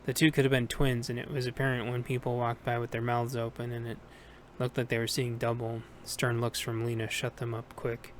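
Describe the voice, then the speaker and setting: A man narrating an audiobook in a steady, plain reading voice with small self-corrections. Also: mid-range voice, fairly quick, hardly any pauses, a little hiss or hum. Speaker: audiobook reader.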